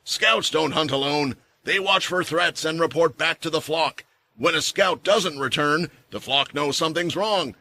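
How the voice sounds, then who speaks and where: A man's voice: a little high, unhurried, creaky, bright, forceful tone, voice pushed up, full character voice. A man voicing a big, harsh male expedition commander in a fantasy story recap, stern and barking orders. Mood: furious.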